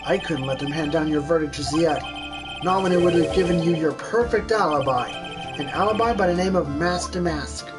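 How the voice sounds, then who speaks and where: A woman's voice: deep voice, moderate pace, lightly acted. A woman voicing a determined young male defense lawyer who argues earnestly, over game music. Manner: earnest, urgent objections.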